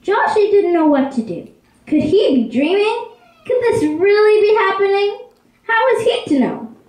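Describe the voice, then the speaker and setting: A woman narrating a children's story in an expressive, lively way. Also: very high-pitched, a little slow. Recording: echoey room.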